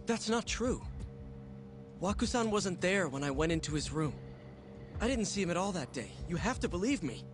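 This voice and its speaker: A man's voice: high-pitched, sing-song, normal speed, over music. A man voicing an anxious young hospital worker accused of a crime in a video game, pleading and worried. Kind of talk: game voice acting.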